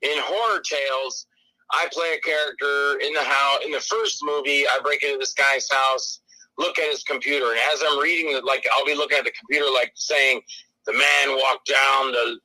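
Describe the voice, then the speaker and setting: A man's voice: medium pitch, fairly even intonation, fairly quick, pushed and bright, low-quality recording. A man guest on a podcast chatting casually about horror movies, acting out scenes in exaggerated put-on voices. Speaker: actor and filmmaker guest.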